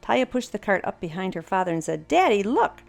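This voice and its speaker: An older woman narrating a children's storybook aloud in an animated, expressive way. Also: lowish voice, fast, vocal fry, soft background music.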